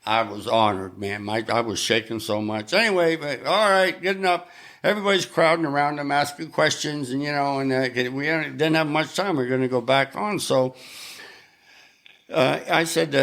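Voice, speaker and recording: A man's voice: mid-range voice, moderate pace, fairly bright tone. An older man, a guest musician, telling anecdotes in a casual chat and acting out the voices of the people he quotes. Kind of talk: casual storytelling.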